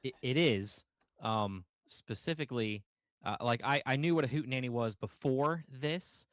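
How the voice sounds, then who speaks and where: A man co-hosting a podcast, talking in a rambling, halting way with many ums and restarts. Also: medium pitch, dry recording. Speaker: podcast co-host. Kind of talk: casual podcast chat.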